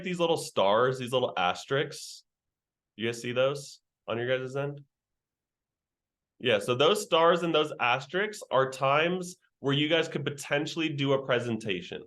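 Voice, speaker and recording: A man's voice: medium pitch, a bit bright. A young man leading a virtual sales training session over a video call, talking in slang and joking with the trainees.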